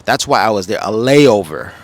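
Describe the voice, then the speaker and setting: A man's voice: fairly low pitch, expressive, normal speed, no room sound. A man talking casually in a rambling, laid-back way with slang, vlogging outdoors. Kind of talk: casual vlog. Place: outdoors beside a wall display.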